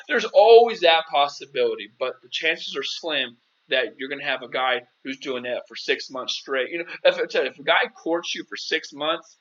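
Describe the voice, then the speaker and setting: A man's voice: medium pitch, expressive, moderate pace, fairly bright tone, muffled recording. A man hosting a casual live-stream Q&A as a dating coach, chatty and playful, calling viewers "girl".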